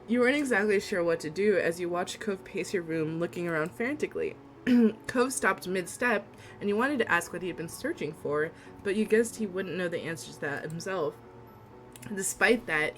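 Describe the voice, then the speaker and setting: A young woman streaming a visual novel, reading its text aloud and gushing with giggly reactions. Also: fairly low pitch. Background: faint game music.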